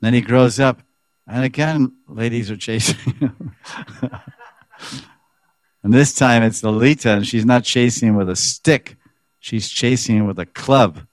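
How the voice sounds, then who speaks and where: Low-voiced man teaching scripture. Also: no echo. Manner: animated, acts out the quoted speakers. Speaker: spiritual teacher. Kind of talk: scripture class with commentary reading.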